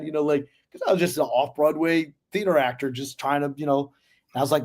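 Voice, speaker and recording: A man's voice: fairly high pitch, a little fast, darkish tone. A man being interviewed as a guest actor, telling casual stories full of fillers and swearing. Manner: loose storyteller, lots of fillers and profanity.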